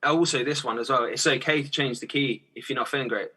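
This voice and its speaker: Young man, podcast guest; bright, husky, rambling chatty delivery. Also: medium pitch, fast talker. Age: young adult. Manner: chatty, rambling, laughs often, many restarts and fillers. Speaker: guest singer-songwriter. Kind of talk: casual podcast chat.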